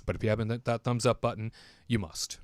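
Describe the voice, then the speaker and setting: A man's voice: fairly low pitch, fairly even intonation, fast talker, no echo. Showy man hosting a live stream, dry sound. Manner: showy, hype-man delivery with playful put-on voices. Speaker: host of a theme park news livestream. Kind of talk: animated livestream hosting.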